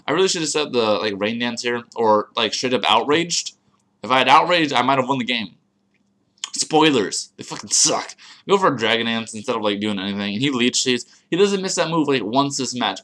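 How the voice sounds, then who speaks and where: A man casually narrating his own online game battle, crude, profane and excitable, grumbling at his opponent. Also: on the high side, brisk.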